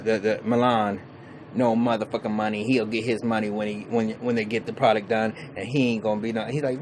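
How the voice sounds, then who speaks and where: A man's voice: lowish voice, a little hiss or hum, poor audio. A man giving a casual, profane, rambling episode recap, full of restarts and fillers. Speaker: TV show reviewer.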